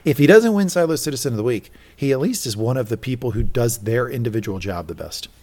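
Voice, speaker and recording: A man's voice: medium pitch, fast talker. A man co-hosting a casual recap podcast, acting out quoted lines. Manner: animated, acts out quoted lines. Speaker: podcast co-host.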